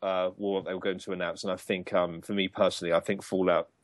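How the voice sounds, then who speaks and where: A man co-hosting a casual gaming podcast, chatty and loose, with lots of ums and quick laughs. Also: sits low, level tone, no room sound. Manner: chatty, many ums and restarts, laughs easily. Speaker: podcast co-host.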